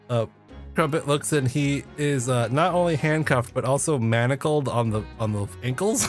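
A man's voice: medium pitch, measured pace, soft background music. A man playing a tabletop role-playing game, laid-back, laughing often. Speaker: player.

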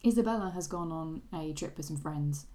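A woman's voice: sits low, brisk, dark tone. A woman co-hosting a casual book podcast, chatty and enthusiastic, laughing often. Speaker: podcast co-host.

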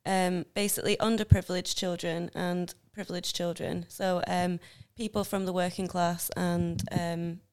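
A woman's voice: lowish voice, flat delivery, moderate pace, a little mellow, clean tone. A woman, a university student who volunteers in schools, talks earnestly in casual chat with many hesitations.

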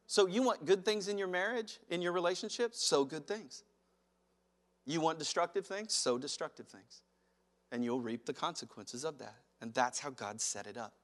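A man preaching a sermon as pastor, animated, acting out quotes and chuckling as he speaks. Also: on the high side, moderate pace.

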